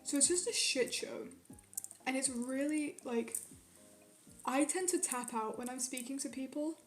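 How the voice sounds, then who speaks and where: Ranting high-voiced young woman streamer. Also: measured pace, soft background music. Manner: rambling, swears a lot, ranting. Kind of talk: casual chat with live chat. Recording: roomy echo.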